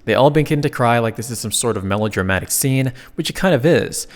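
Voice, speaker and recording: A man's voice: mid-range voice, lively intonation, quick pace, long reverb tail. A man narrating a comic recap in a casual way, slipping in joking asides.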